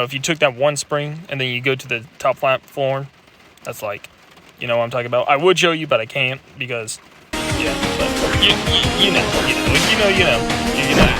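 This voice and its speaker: Young man coaching over loud game music. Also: on the high side. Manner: coaching the player, stammering repeated fillers. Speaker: reaction video host. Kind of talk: casual gameplay commentary.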